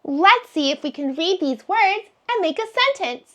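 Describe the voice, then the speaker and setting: A woman teaching a phonics lesson to preschoolers, sounding out letters slowly in a sing-song way. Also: very high voice, animated. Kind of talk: phonics lesson for young children.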